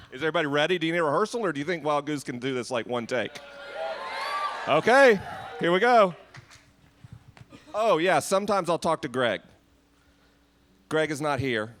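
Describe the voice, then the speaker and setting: A man's voice: a little high, lively intonation, a little fast, pauses often, a bit bright, a little hiss or hum. A man hosting a live podcast Q&A on an outdoor festival stage, joking and self-deprecating with the crowd. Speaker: podcast host.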